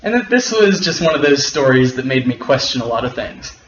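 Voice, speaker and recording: A man, a guest on the video, telling a personal story in a casual, wry, unhurried way. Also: mid-range voice, sing-song, fairly bright tone. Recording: roomy, dull and slightly noisy.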